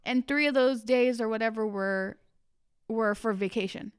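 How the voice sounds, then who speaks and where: A woman's voice: on the high side, expressive, normal speed, smooth. A woman co-hosting a casual podcast chat, talkative and teasing her partner. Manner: chatty, teasing, laughs often. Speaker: podcast co-host.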